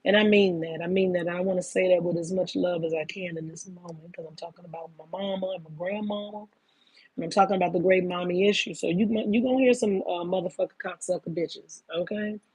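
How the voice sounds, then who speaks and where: A woman's voice: fairly low pitch, fairly even intonation, a little fast, darkish tone, breathy edge, no room sound. A woman in her fifties giving a casual spiritual monologue, emphatic and profane, often calling listeners "baby.". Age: 50s. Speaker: spiritual talk host.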